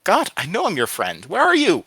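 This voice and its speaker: A frightened boy cries out in a shrill, high, pleading voice, far above a man's normal pitch. His tone is bright and strained. The recording is dry. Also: sing-song, fast talker, no room sound. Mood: panicked. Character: terrified young boy tied for sacrifice.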